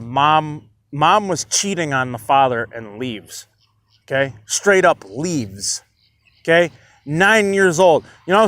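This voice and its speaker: A man's voice: a little high, fairly bright tone. A man talking bluntly to his viewers in a casual monologue, swearing often and asking "do you understand?" again and again. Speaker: commentary vlogger.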